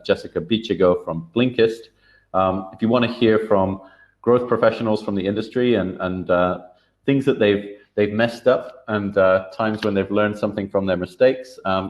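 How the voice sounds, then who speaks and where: A man presenting an online workshop over a video call, relaxed and full of filler words and restarts. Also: lowish voice, highs cut off. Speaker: workshop speaker.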